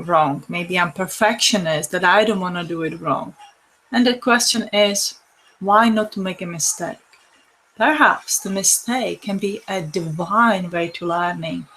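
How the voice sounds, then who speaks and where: A woman's voice: mid-range voice, fairly bright tone, low-quality recording. A woman giving a spiritual talk, speaking with grammar and often repeating "and so much on". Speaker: spiritual teacher.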